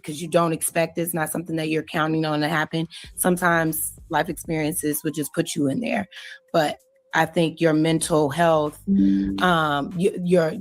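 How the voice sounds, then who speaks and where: Female panelist, low voice, thoughtful and hesitant. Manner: thoughtful, many ums. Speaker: podcast panelist. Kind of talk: casual debate.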